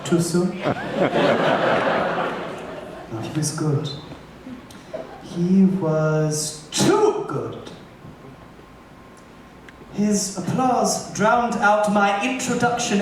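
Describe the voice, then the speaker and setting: A man's voice: high-pitched, lively intonation, very slow, a little hiss or hum, exaggerated voice. A man playing a campy glam drag diva. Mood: wry. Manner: camp, sardonic, teasing the band and audience. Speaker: stage show frontwoman. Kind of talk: live stage musical banter. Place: large theater stage. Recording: echoey live theater from far off with loud audience.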